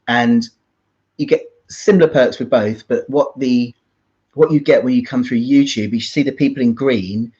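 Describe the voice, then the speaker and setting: A man's voice: medium pitch, normal speed, warm tone. Man, livestream host, chatty, laughs a lot, dull lo-fi sound. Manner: chatty, laughs often, reads out viewer comments. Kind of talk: casual livestream chat. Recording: dull lo-fi stream audio.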